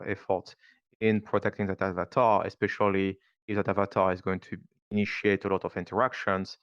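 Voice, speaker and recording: A man with a French accent speaking on a panel, pausing often with fillers as he works through his points. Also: on the low side, vocal fry, dry recording, dull audio. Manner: thoughtful, halting, many fillers. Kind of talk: panel discussion.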